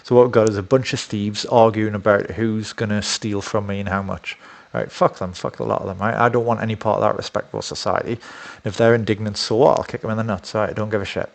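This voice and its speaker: A man's voice: on the low side, little pitch movement, fast, creaky, few pauses. A man talking in a casual, rambling monologue, blunt and profane with many fillers. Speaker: dating coach.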